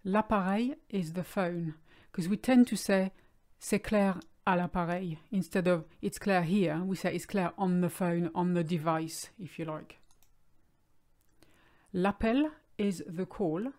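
A woman with a fairly low voice gives a calm, clear language lesson. She explains each word patiently and slows down on the key terms. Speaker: French teacher.

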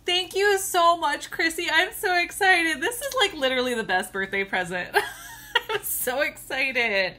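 A woman's voice: high-pitched, normal speed, hardly any pauses, pushed and bright. A woman with children gushing and giggling as she unboxes a gift in a casual vlog. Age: adult with children. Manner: gushing and giggly, often squealing with delight. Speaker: tumbler crafter unboxing a gift.

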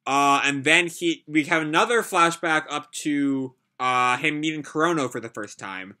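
A man's voice: fairly high pitch, very animated, moderate pace, hardly any pauses, pushed and bright. A man casually reading a comic aloud and reacting to it live, with frequent filler "like"s.

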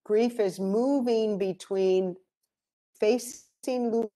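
A woman giving an educational presentation on grief, calm and gentle, explaining through stories. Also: a little high, drawn-out words.

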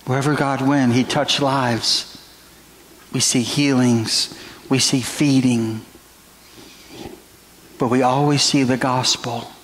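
A man's voice: mid-range voice, steady tone, takes it slowly, long pauses, a little hiss or hum, rough recording. A middle-aged man preaching a sermon as pastor in a church, earnest and drawn out. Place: church sanctuary.

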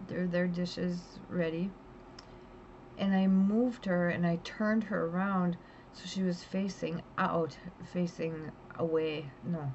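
A woman's voice: fairly low pitch, creaky, a little mellow, muffled recording, slight background noise. Blunt, chatty middle-aged woman vlogger. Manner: chatty, blunt, rambling with restarts. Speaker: pet vlogger. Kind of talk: casual storytelling vlog.

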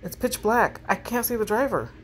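A woman's voice: a little high, animated, moderate pace, a little hiss or hum, natural voice. A woman reading the texts of a frightened young woman driving alone at night, in short, tense bursts. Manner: reads text messages aloud in short, tense bursts.

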